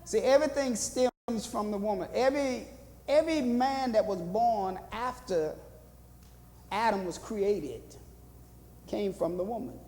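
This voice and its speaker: A man leads a church Bible study as pastor and teaches in a preaching rhythm, repeating phrases and asking the room questions. His voice sits high but has a dark, gravelly edge. The sound carries a long reverb from the church hall. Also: unhurried.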